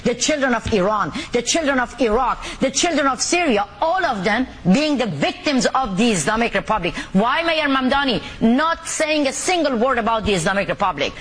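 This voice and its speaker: A woman from the Middle East, an activist speaking forcefully and with indignation in an interview. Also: fairly high pitch, expressive, normal speed, hardly any pauses, a little hiss or hum. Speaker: activist guest.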